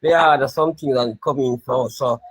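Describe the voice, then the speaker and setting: Husky, easygoing man. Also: mid-range voice, normal speed, poor audio. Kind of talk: casual chat.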